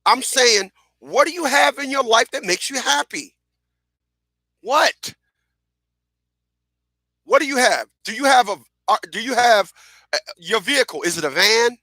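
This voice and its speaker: Animated man telling stories in a dry studio. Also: very high voice, measured pace, pauses often, no echo. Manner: animated, repeats phrases, acts out quotes. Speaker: radio show host. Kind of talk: casual storytelling monologue.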